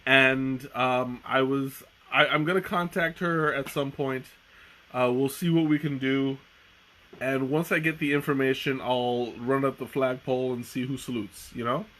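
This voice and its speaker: A man's voice: medium pitch, fairly even intonation, measured pace, a bit bright. A man hosting a casual tea-tasting live stream, rambling with many ums and restarts. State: hiccuping. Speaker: tea livestream host.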